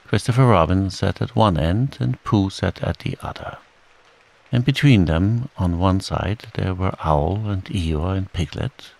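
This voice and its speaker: Slow, soothing male bedtime reader. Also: low voice, creaky. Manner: slow, soothing, gently voices the characters. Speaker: audiobook narrator. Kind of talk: calm bedtime story reading. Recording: steady rain sound behind the voice. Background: rain.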